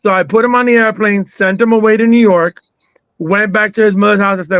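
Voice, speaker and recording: A man's voice: high voice, fairly even intonation, brisk, a bit bright, dry recording, lo-fi sound. A man hosting a casual podcast chat, loose, joking and profane.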